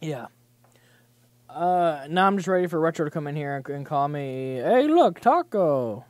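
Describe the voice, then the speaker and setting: A man's voice: on the high side, fairly even intonation, normal speed, clear, resonant tone, no room sound. A young man hosting a casual livestream, chatting loosely about gaming news with many fillers and restarts. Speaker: livestream host.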